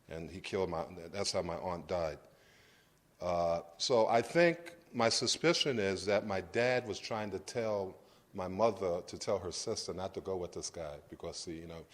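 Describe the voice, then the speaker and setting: Low-voiced New man telling his story. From Brooklyn, New York. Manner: conversational, halting, with frequent restarts. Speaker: guest lecturer. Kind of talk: personal storytelling lecture.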